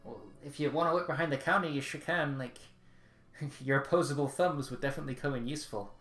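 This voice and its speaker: A man's voice: a little high, quick pace, fairly bright tone. A man narrating as game master in a casual, rambling way. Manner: casual, rambling, laughing often. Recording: roomy echo, faint music.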